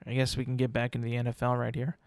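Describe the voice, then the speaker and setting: A man hosting his own podcast, rambling in a casual, self-mocking way and slipping into quick mock voices. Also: medium pitch, monotone, darkish tone, no echo, clean studio sound. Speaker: podcast host. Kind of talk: casual solo podcast rant.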